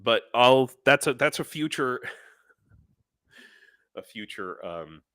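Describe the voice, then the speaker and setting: A man's voice: mid-range voice, expressive, takes it slowly, fairly bright tone, no room sound, clean studio sound. A man hosting a casual live stream who also works as a teacher. He rambles, restarts his sentences and answers viewers by name.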